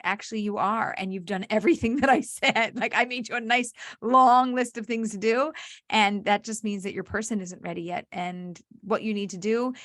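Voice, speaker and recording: A woman's voice: mid-range voice, no echo, studio quality. A woman matchmaker and dating coach giving advice in an online workshop, telling stories and acting out her clients. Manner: animated storyteller who acts out clients' voices.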